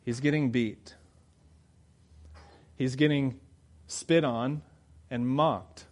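A man delivers a sermon in a mid-range voice. He moves between quiet, reflective passages and loud, fervent emphasis, pressing his points home to the congregation. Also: medium pitch, steady tone, extremely slow. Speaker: preacher.

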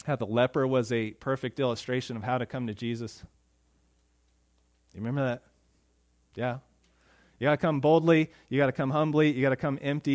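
High male pastor, conversational sermon delivery, punches up the quoted lines. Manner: conversational preaching, rising and louder when quoting speakers.

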